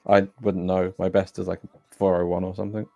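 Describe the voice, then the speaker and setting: A man giving relaxed, chatty live commentary on a speedrun race, with dry humor. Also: low voice, a little fast, creaky, no room sound, lo-fi sound, soft background music.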